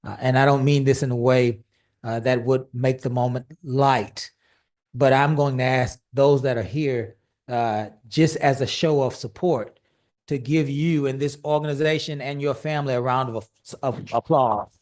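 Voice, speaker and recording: A man presiding over a city council session at a podium microphone. He speaks in an average-pitched voice, earnest and measured, and often pauses on "uh" as he gives formal remarks or reads a proclamation into the chamber. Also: steady tone, a little mellow. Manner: measured and earnest, frequent "uh" fillers. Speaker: mayor chairing a city council meeting.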